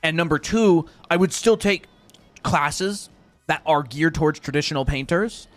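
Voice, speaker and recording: A man teaching art on a casual live stream, relaxed and chatty, with fillers and asides to his viewers. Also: a little high, moderate pace, dry recording, faint music behind. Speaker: art instructor.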